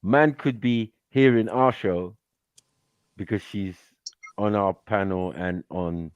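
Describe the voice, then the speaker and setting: A man hosting a live online panel, calm and full of murmured agreement. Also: on the low side, slow, clean tone, dry recording, dull audio. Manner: laid-back, lots of affirming murmurs. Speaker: show host.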